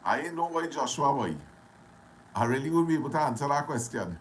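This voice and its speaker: A man with a Trinidadian accent hosting a casual live stream, greeting viewers one by one and talking loudly. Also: medium pitch, expressive, brisk, a little hiss or hum, poor audio. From Trinidad and Tobago. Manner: greets viewers by name, loud and friendly. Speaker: livestream host.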